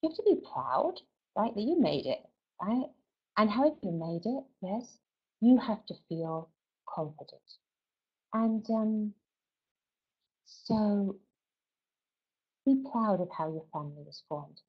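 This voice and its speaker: A woman's voice: mid-range voice, expressive, takes it slowly, long pauses, breathy edge, highs cut off. A middle-aged woman speaking at a webinar in a chatty, conversational way, often asking "right?" and "you know". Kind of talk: warm conversational talk.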